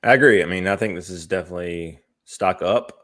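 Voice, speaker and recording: A man co-hosting a podcast, chatting casually about movie trailers with a relaxed, hesitant delivery full of fillers. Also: sits low, brisk. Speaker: podcast co-host.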